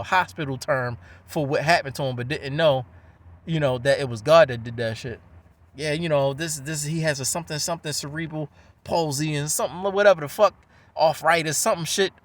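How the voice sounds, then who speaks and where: Man, somewhat high voice, profane rambling rant, animated storyteller. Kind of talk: casual ranting monologue.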